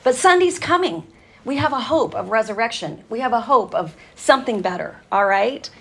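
A woman speaking to a women's gathering in an earnest, conversational sermon style, telling stories with fillers and pauses. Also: on the high side, expressive, gravelly, a bit bright, slightly rough.

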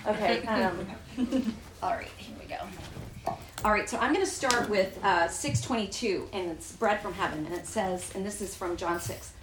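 A woman's voice: mid-range voice, normal speed, hardly any pauses, echoey room, far from the mic, background noise. A woman leading a Bible study, explaining the text in a chatty way, asking the group questions and reading passages aloud. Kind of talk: teaching and reading scripture aloud. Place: room with a small group.

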